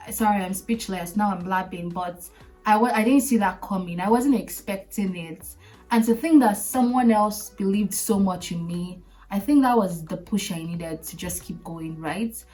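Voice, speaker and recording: Young woman podcaster telling a personal story, animated, acts out quotes, mic a bit far off, faint music under it. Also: medium pitch. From Canada. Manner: animated, acts out quoted voices, laughs often. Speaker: podcast host.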